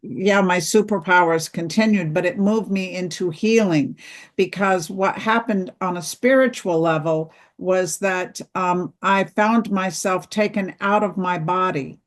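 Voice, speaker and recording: Slow, earnest woman telling her story. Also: lowish voice. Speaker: author and interview guest. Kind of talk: storytelling interview.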